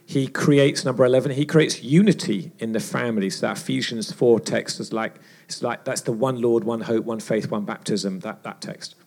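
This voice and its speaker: Gravelly-voiced man telling a lively story. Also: mid-range voice, normal speed. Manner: animated storyteller acting out dialogue. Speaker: retreat speaker. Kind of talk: storytelling sermon.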